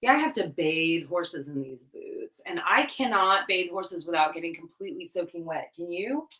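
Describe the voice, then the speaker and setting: A young woman co-hosting a casual livestream chat, rambling and giggling, getting loud and excited as she tells stories. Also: on the low side, normal speed, far from the mic. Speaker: livestream co-host. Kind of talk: casual chat while cleaning tack. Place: room at home. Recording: roomy echo.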